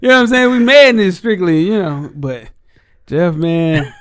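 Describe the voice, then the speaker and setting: A man's voice: high-pitched, normal speed, no room sound. A man hosting a casual sports podcast in a studio, telling stories with lots of laughter. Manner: animated storyteller, laughs often. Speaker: podcast host.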